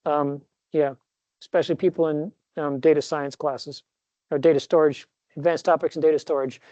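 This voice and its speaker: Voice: mid-range voice, level tone, moderate pace, mellow. A professor talks through a classroom lecture in a loose, rambling way, often correcting himself and tossing in small jokes. The sound is dry and close, with no room echo. The recording is dull and lo-fi. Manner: rambling, self-correcting, jokey asides.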